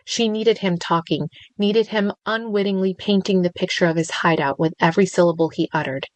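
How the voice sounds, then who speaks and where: A woman reading a thriller audiobook in a measured, steady narration. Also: on the low side, dry recording, low-quality recording.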